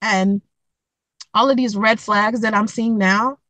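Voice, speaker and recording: A young woman telling a dating story to camera in a blunt, profane, animated way, acting out the quotes. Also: mid-range voice, slow, no echo, low-quality recording. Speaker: vlogger giving dating advice.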